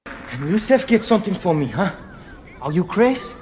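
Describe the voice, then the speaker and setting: A man's voice: high voice, sing-song, normal speed. An actor playing a pushy male smuggler who haggles in broken pidgin English. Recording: long echo with faint ambient noise from a film.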